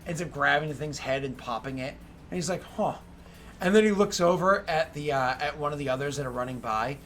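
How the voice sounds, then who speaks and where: A man runs a tabletop game in a bright, slightly raised voice. He narrates in an animated way, full of fillers. Faint hiss runs behind him. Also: on the high side, quick pace. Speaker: game master.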